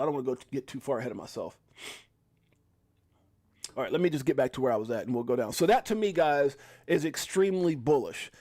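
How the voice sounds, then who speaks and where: A man hosting a casual crypto livestream, talking in an excitable, rambling way with mocking asides. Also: on the high side, no echo.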